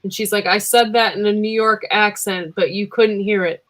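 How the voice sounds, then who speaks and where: Friendly woman tossing in quick comments, normal pitch. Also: fairly even intonation, fairly bright tone. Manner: friendly, quick chime-ins. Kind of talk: casual chat.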